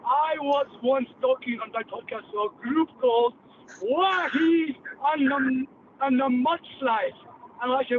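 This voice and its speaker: Brash Cockney podcast host. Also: male voice, very high voice, unhurried. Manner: brash, profane storyteller. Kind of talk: rambling podcast monologue. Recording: tinny phone-like line, faint hiss.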